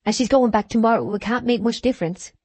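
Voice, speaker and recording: A woman's voice: fairly high pitch, fast, darkish tone, husky, no echo. Woman reading a determined young working man. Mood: firm. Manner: firm, determined. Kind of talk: audiobook character reading.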